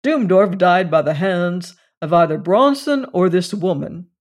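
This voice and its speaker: A man's voice: sits high, expressive, a little slow. Impatient, blustering man, voiced by a narrator, insistent. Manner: impatient and emphatic. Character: blustering, impatient man who swears easily.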